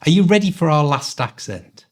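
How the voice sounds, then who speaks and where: Upbeat host with a mild Scouse accent. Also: male voice, a little high, very animated, normal speed. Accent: Liverpool Scouse, mild. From Liverpool, England. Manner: upbeat, clear, instructive. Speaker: host and English coach. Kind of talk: quiz-show hosting.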